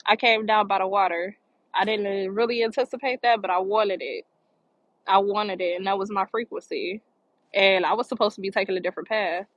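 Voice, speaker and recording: A woman's voice: mid-range voice, brisk, dry recording, poor audio. A woman talking outdoors by the water in a park, giving earnest spiritual encouragement and repeating phrases for emphasis. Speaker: motivational vlogger. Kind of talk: spiritual motivational talk.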